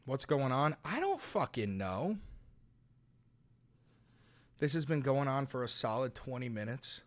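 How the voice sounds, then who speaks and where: A man's voice: medium pitch, very animated, unhurried, pauses often. A man streaming live, ranting at his chat in an exasperated, heavily profane way. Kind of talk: live-stream reaction talk.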